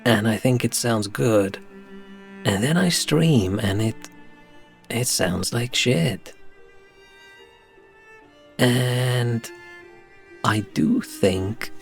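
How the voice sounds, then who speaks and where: A man chatting casually on a game stream, rambling and sighing with self-deprecating remarks, his soft speech slightly mumbled, into a desk microphone at his home setup. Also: mid-range voice, creaky. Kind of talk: casual live-stream chat before gameplay. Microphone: desk microphone with compressor and equalizer.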